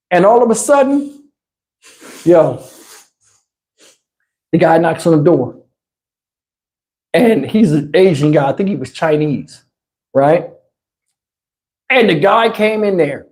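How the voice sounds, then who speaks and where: On a live stream, a high-pitched man spins an animated, profanity-filled story, keeping things loose and casual with laughing asides. He takes it slowly and pauses often, speaking into a wireless lapel mic.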